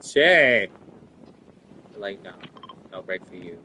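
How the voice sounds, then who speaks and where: A man's voice: medium pitch, moderate pace, slight background noise, low-quality recording. A man ranting casually and profanely while playing a video game, rambling with lots of "like" and quoted voices. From Italian. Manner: profane, rambling rant full of "like". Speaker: gaming streamer.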